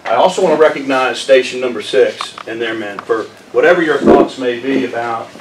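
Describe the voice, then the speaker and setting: A man speaking as county manager at a public meeting, measured and apologetic with frequent fillers. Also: medium pitch. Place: community meeting room. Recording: echoey room from far off, noisy.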